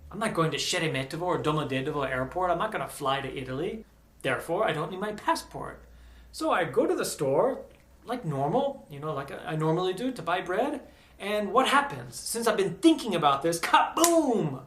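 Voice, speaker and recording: An American man telling a personal story in a casual, animated way, acting out the voices of the people he quotes. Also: high voice, a little fast. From United States. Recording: echoey room.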